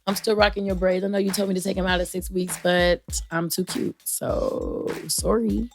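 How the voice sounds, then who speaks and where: Chatty, playful woman hosting with a lowish voice. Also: level tone, fast talker, faint music behind. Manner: playful, chatty, rambling with fillers and shout-outs. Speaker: podcast host. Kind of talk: casual solo chat to listeners.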